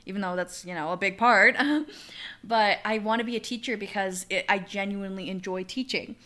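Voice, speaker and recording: A young woman chats on a casual podcast, her voice bright and crisp at the edges. She giggles often and fills her sentences with "like" as she thinks aloud. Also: medium pitch, steady tone, a little fast. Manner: giggly, heavy use of "like". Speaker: podcast co-host. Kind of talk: casual chat.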